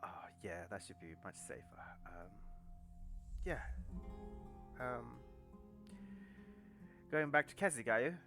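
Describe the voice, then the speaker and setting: A man voicing a soft-spoken male guard. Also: mid-range voice, very animated, slow pace, pauses often, over loud music. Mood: calm. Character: male guard, polite and low-key.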